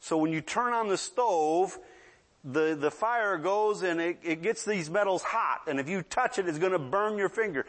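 Older guy preaching, kinda high voice, chatty, keeps asking the crowd "yeah?". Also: moderate pace, fairly bright tone. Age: 60s. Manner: conversational, often asks the audience "yeah?"; acts out children's voices in asides. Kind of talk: sermon.

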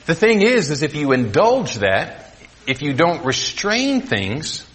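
A man preaching a sermon to a congregation, swinging between loud emphasis and quiet asides. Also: on the high side, very animated, a little slow. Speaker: pastor.

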